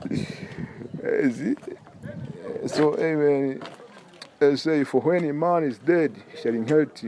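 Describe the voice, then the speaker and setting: A man's voice: on the high side, slow, pauses often, noisy background. A man with a Tanzanian accent giving an informal preaching lesson, emphatic and repetitive, often stumbling over repeated words and calling the listener "man". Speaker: religious health teacher.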